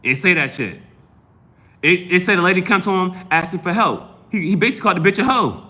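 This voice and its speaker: A man's voice: sits high, animated, fast talker, pushed and bright. A man hosting a live tarot stream, talking in a rambling, profane, emphatic way and often restarting his sentences. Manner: repeats and restarts phrases. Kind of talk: casual live-stream talk.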